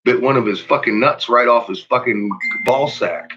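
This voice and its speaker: Swearing ranting man, husky and bright. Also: mid-range voice, normal speed. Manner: heavy swearing, laughs often. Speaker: vlogger. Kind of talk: casual profane rant. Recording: dull lo-fi recording.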